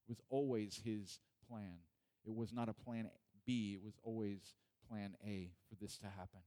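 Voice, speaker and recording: A man's voice: on the low side, steady tone, moderate pace, dark tone, clear, resonant tone. A man preaching in an earnest Bible study, repeating points and asking questions of his listeners.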